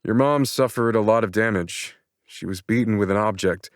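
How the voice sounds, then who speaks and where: A regretful hospital doctor, as a male narrator puts him on, slightly raised from the narrator's deep voice. His delivery is slow, measured and apologetic, with a smooth tone. Recorded close and dry. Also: no room sound, lightly acted. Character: middle-aged male doctor, calm and regretful.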